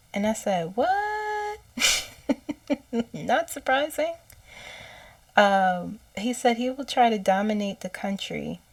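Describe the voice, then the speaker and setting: A woman of middling pitch tells what she heard in a channeled session, pausing often and filling gaps with "um". She sits a little back from the mic. The room is dry and close. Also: darkish tone, dry recording, recorded from a distance. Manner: halting, with many fillers and quoted speech. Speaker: psychic channeler. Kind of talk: casual spoken recounting of a channeled message.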